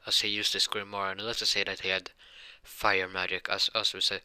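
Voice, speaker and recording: A man's voice: low-pitched, level tone, a little fast, sharp tone, smooth, no room sound. A man improvising a fan fiction story, rambling with many fillers and restarts.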